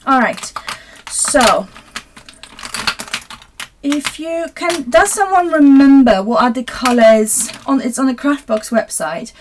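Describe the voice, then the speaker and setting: A woman from Poland hosts a relaxed live crafting session from her desk at home. Her voice sits a little high and she talks to viewers in a rambling, self-mocking way as she works. A faint hum of background noise runs under her. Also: slow pace. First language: Polish. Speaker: craft video host. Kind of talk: casual live craft chat.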